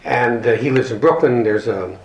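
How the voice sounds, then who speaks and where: A man's voice: mid-range voice, normal speed, highs cut off. Earnest man in a roomy hall. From Canada. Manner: earnest, reflective storytelling with wry humor. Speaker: speaker at a recovery group meeting. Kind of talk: personal talk reading from a book.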